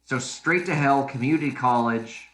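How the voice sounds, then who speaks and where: A man's voice: medium pitch, moderate pace, a bit bright. A man competing in a casual podcast quiz, chatty and thinking aloud with lots of restarts. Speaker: quiz contestant, co-host.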